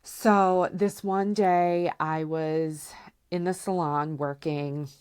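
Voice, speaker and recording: A woman with a low voice tells candid personal stories on her podcast. She speaks slowly and loosely, with plenty of "like" and "you know" filling her sentences. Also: clean tone. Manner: chatty, peppered with "like" and "you know"; relaxed and candid, acts out quoted voices. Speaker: podcast host. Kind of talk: casual personal storytelling.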